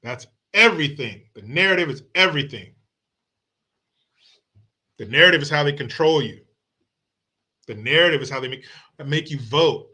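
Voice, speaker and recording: A man's voice: fairly high pitch, lively intonation, moderate pace, long pauses, sharp tone. A man hosting a livestream, ranting about politics in a mocking, combative and profane way. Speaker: political commentary host. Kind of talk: casual political rant. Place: home streaming setup.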